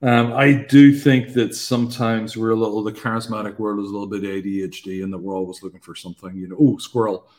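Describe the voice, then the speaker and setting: A man's voice: fairly low pitch, flat delivery, fast talker, hardly any pauses, a little mellow. A man co-hosting a podcast in casual conversation about faith, joking at his own expense and then turning earnest. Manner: jokey and self-deprecating, then earnest. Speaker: podcast co-host.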